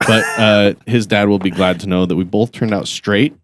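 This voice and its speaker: A man's voice: on the low side, fairly even intonation, normal speed, noisy background. A man from Utah with kids, telling an embarrassing story in a casual podcast chat, laughing and self-deprecating. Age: adult with kids. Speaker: podcast co-host.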